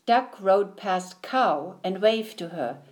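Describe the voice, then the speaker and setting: A woman reading a picture book aloud in an expressive, sing-song storytelling manner. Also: mid-range voice, takes it slowly. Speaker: storybook reader.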